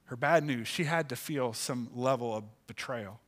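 Male pastor, sermon delivery, expressive storyteller, bright tense tone. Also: moderate pace. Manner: expressive, pitch rises for acted quotes. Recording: church sanctuary, live sermon.

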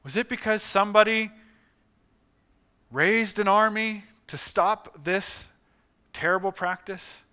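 A male pastor preaching a sermon as a dramatic story, dropping to a hush and then rising loud. His voice is high and very bright, with a smooth, ringing clarity. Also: slow pace, pauses often.

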